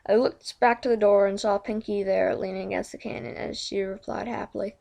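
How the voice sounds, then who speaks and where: A woman reading a fanfiction story aloud, tripping over words and going back to fix them. Her mid-pitched voice carries a noticeable gravelly fry. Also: steady tone, a little fast, few pauses, darkish tone. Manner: stumbling, self-correcting reading. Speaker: fanfiction reader.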